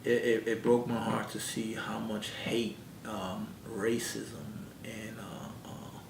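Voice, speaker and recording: Gravelly man telling his story. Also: level tone, slow. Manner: earnest storyteller who acts out quoted dialogue. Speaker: interview guest. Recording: echoey room, mic at a distance, background rumble.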